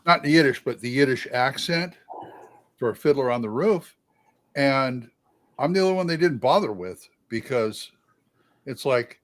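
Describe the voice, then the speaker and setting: A man's voice: mid-range voice, animated, unhurried, pauses often, a bit bright. A man co-hosting a livestream, telling rambling anecdotes in casual chat with many fillers. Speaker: livestream co-host and theater actor.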